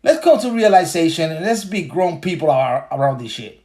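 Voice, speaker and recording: A podcast host on a livestream goes on a casual, profane rant, repeating himself and laughing as he talks. His voice is a little high and expressive, with a dark tone, at a moderate pace.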